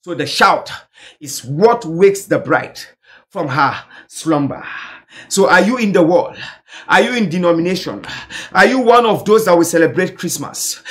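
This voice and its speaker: A male evangelist preaching a sermon fervently, building to shouted, repeated calls. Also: sits high.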